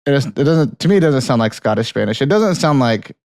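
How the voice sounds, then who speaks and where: A man co-hosting a film podcast, chatting casually in a relaxed, rambling way with frequent laughs. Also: medium pitch, fast, no room sound, studio quality. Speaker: podcast co-host. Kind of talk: casual chat.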